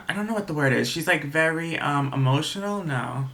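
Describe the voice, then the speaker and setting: Bright-voiced young man, indignant storyteller. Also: fairly high pitch, lively intonation, brisk, creaky, a little hiss or hum. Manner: emotional, rambling and indignant. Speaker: vlogger. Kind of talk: storytime vlog.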